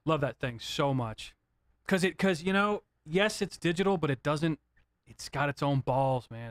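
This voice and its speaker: Rambling, excitable middle-aged man. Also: mid-range voice, unhurried, smooth, dry recording. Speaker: synth livestreamer. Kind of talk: casual live-stream chat. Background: faint synth music.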